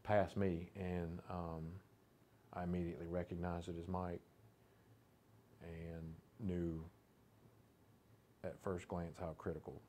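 Very deep, flat-voiced sheriff. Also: male voice, slow pace, pauses often, slight background noise. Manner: reflective, hesitant with fillers. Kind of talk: documentary interview recollection.

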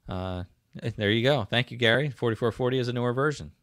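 A man's voice: medium pitch, fast, a bit bright, no room sound, studio quality. A man with a South Jersey accent hosting a casual livestream, rambling with many fillers and restarts as he answers viewer comments. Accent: South Jersey / Philadelphia. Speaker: livestream host.

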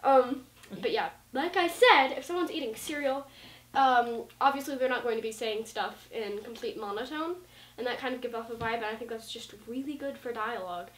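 A woman's voice: fairly high pitch, moderate pace, a little hiss or hum. A woman vlogging in a casual, rambling way, full of likes and ums, acting out lines of dialogue as she goes. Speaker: vlogger talking about writing. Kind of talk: casual rambling talk to camera. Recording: roomy sound from a distant mic.

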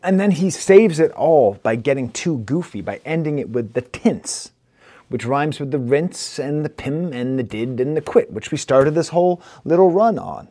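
A man with a Rochester, New York accent reviewing a rap album in casual talk, playful and animated as he recites and picks apart rhymes. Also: fairly high pitch, normal speed. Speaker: music reviewer.

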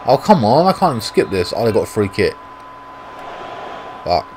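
A man's voice: fairly low pitch, big pitch swings, normal speed, a little mellow, a little hiss or hum. A man with a British accent giving live commentary over his own football video game, swearing often and talking to himself in frustration. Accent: British English. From Britain. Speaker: gaming YouTuber.

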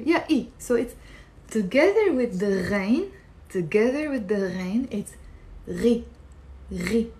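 A woman giving a live online pronunciation lesson. She slowly repeats each sound for her viewers to copy. She keeps asking them questions and waiting for answers. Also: fairly high pitch, darkish tone. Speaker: Arabic teacher.

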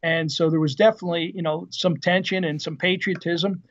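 High-voiced man telling stories. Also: fairly quick. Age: 50s. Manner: lively anecdotal storyteller, frequent fillers and laughs. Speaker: podcast guest, retired Marine officer. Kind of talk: casual interview storytelling. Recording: dull lo-fi podcast audio.

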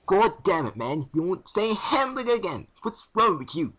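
A man's voice: high-pitched, very animated, normal speed, a bit bright, pitched above the performer's own voice, heavily acted. A young man voicing a rude, short-tempered male customer with a put-on British accent, barking demands and insults. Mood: furious.

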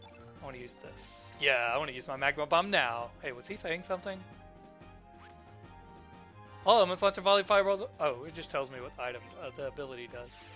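A man's voice: mid-range voice, fast talker, sharp tone, soft background music. A man hosting a let's play, chatting casually and joking as he comments on the game. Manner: joking, chatty, reads game text aloud.

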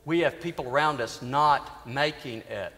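A man priest preaching a sermon in a church, telling a story earnestly with dramatic pauses. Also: medium pitch, sharp tone. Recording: reverberant church hall.

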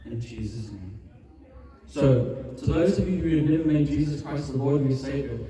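A man preaches an evangelist's sermon with passion, building to a fervent altar call and prayer, with music playing under his words. His voice is medium-pitched, dark, and at normal speed, recorded on a distant mic with roomy hall reverb.

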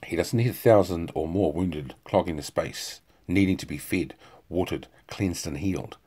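A man's voice: low voice, normal speed, dark tone, breathy edge. A man doing a bitter sarcastic surgeon. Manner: cutting, sarcastic. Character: bitter outspoken male army surgeon.

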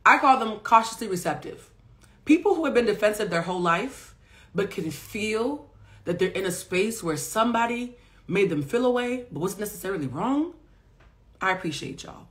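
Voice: medium pitch, big pitch swings, normal speed, pauses often, sharp tone. Blunt, emphatic life coach. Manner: emphatic, blunt, profane, talks straight to viewers. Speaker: life coach and psychic reader. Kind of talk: casual live-stream monologue.

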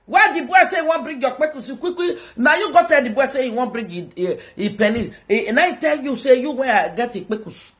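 A woman's voice: high-pitched, expressive, a little fast, few pauses. Sing-song Nigerian woman hawking playfully. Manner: sing-song hawking calls, switches between Pidgin and Yoruba; teasing, talks to viewers. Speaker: social media live streamer. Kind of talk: playful livestream chatter.

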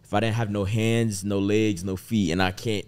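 Earnest low-voiced young man reflecting. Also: fairly even intonation, moderate pace, a little mellow, smooth. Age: 20s. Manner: earnest, reflective, often asks "you feel me?". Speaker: podcast co-host. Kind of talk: casual reflective chat.

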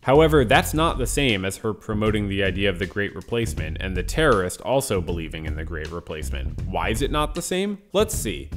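A man giving sarcastic, argumentative commentary, speaking directly to his viewers. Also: on the low side. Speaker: video commentator.

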